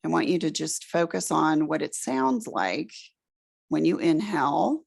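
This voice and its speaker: A middle-aged woman leading a room through a guided relaxation exercise, giving slow, soothing instructions. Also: deep voice, animated, creaky, darkish tone, breathy edge. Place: presentation room with an audience.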